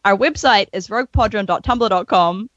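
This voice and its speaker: A woman co-hosting a casual podcast chat, teasing and quick to laugh. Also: medium pitch, fairly bright tone, no echo. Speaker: podcast co-host. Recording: dull dry podcast audio.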